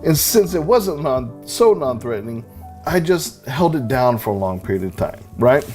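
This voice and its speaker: A man preaching a sermon, telling animated stories with self-deprecating humor. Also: medium pitch, normal speed, faint music behind. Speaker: pastor.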